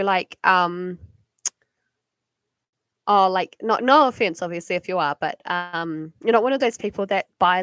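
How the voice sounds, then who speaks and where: A young New Zealand woman does card readings on a livestream from home at night, talking casually to viewers in a rambling way, filled with fillers and giggles. Her voice is lowish, and the audio is studio quality with no echo.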